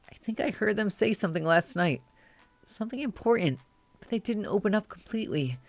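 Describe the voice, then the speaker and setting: A streamer voicing a tearful young adult confiding in their mother on the phone, in a soft, shaky, pleading voice. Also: medium pitch, lively intonation, a little fast, gravelly, no echo, pitched above the performer's own voice. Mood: vulnerable.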